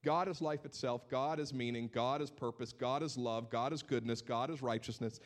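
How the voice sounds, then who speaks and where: A male pastor with a mid-range voice preaches a sermon at normal speed with few pauses. He tells stories animatedly and repeats words as he builds his points.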